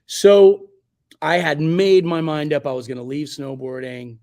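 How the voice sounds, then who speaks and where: A photographer in his forties from Virginia Beach, in the United States, tells stories in a casual interview, rambling loosely with plenty of fillers and self-corrections. His voice is steady and darkish at a measured pace, and he acts out quoted speech in a much higher voice.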